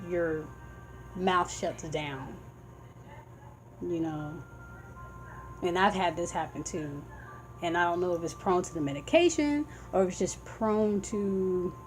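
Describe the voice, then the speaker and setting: With a fairly low voice and poor audio quality, a woman vlogs casually to raise epilepsy awareness. She explains warning signs earnestly and from the heart, wandering a bit, as faint background music plays.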